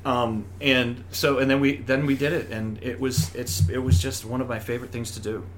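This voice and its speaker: A middle-aged Broadway actor, appearing as a guest, chats casually in an interview at a moderate pace over background noise. He's an animated storyteller, acting out the voices of people in his stories with big jumps in pitch.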